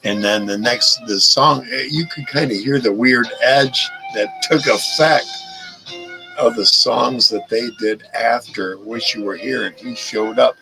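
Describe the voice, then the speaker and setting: A middle-aged man hosts a livestream, spinning rambling stories casually and swearing freely, with music playing behind him. His mid-range voice is creaky and unhurried, and the recording is rough.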